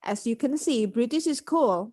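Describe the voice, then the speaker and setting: A woman's voice: fairly high pitch, animated, normal speed, darkish tone, no room sound. A woman with an Indonesian accent, an English teacher in a casual podcast conversation, talking thoughtfully and searching for words.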